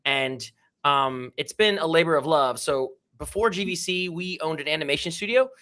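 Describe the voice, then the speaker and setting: A man talks in a relaxed, slangy way, full of "like" and "dude". His voice sits a little high and rings with a bright, forceful tone. It sounds like a guest joining a livestream over a remote microphone. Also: normal speed. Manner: enthusiastic, slangy, lots of "like" and "dude". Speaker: guest, NFT collection co-founder. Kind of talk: casual livestream chat. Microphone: remote call microphone.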